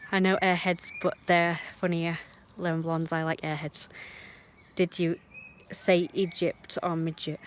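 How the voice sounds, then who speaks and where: A woman ranting on her livestream in a blunt, rambling way, swearing often and swinging between muttering and loud outbursts. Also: lowish voice. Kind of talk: casual livestream rant.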